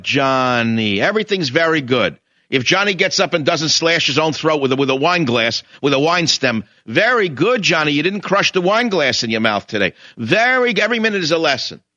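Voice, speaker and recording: An older man hosts a radio talk show with a bright, forceful voice, and his pitch swings widely as he rants. He mocks people and acts out their voices while he tells his story. The sound is dry and a little dull, like a radio studio. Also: no room sound. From New York. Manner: indignant, mocking, storytelling with mimicked voices. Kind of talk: ranting monologue.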